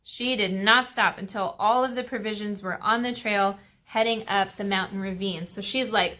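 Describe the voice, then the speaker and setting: A woman's voice: mid-range voice, fairly even intonation, moderate pace, few pauses, sharp tone. A woman teaching a Sabbath school lesson to kids, retelling a Bible story in a chatty way with fillers and asides.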